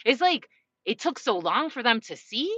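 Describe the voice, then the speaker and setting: A woman's voice: fairly high pitch, very animated, normal speed, pushed and bright, breathy edge, dry recording, muffled recording. A woman giving a casual collective tarot reading, talking straight to her viewers with frequent swearing and little laughing asides. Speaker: tarot reader.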